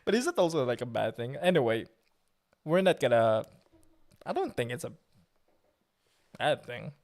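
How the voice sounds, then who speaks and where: A man's voice: mid-range voice, lively intonation, unhurried, a little mellow. A man chatting casually on a live stream, joking and laughing at himself. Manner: joking, laughs often, self-mocking.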